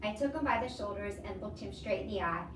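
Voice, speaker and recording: A teacher reading a novel aloud in an expressive storybook voice. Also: female voice, mid-range voice, fast, noisy background. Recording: echoey room, distant mic.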